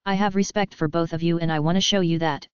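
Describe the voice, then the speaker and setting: Woman voicing diplomatic young male werewolf heir, measured, smooth, low, audiobook. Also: steady tone, dry recording, dull audio, lightly acted.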